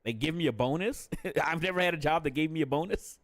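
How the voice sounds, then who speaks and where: A man's voice: a little high, fast, no echo, clean studio sound. Profane, candid man streaming live. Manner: profane, candid and laughing often. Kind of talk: casual live-stream chat.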